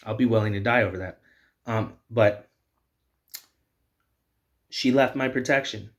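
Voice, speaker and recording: A man's voice: fairly low pitch, a little slow. A man hosting a video, delivering heated, repetitive personal commentary. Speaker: video host.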